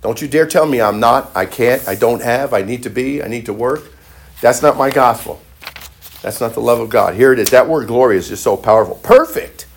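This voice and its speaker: A man's voice: medium pitch, fairly quick, creaky, husky. A male pastor preaching a sermon emphatically, with repeated phrases and frequent restarts.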